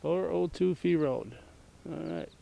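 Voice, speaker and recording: A man's voice: a little high, measured pace, gravelly, highs cut off. A man hosting a local cable show, interviewing a homeowner outdoors in an easygoing, friendly way with leading questions. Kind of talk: casual interview. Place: outdoors at a rural home.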